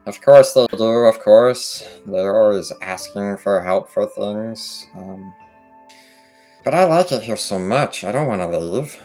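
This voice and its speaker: Ein Mann als gemütlicher Froschfreund. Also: male voice, fairly low pitch, animated, measured pace, mellow, faint music behind. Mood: exasperated. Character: laid-back male frog friend who loves flies.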